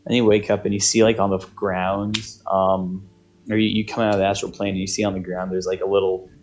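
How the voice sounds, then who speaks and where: Low-voiced man running a tabletop game. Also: flat delivery, a little fast. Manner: rambling, hesitant, many fillers. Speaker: game master. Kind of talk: narrating a tabletop game over voice chat.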